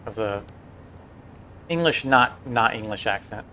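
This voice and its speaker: A man's voice: lowish voice, animated, measured pace, sharp tone, a little hiss or hum. A man streaming a building game, chatting casually and telling rambling stories with many restarts. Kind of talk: casual livestream chat.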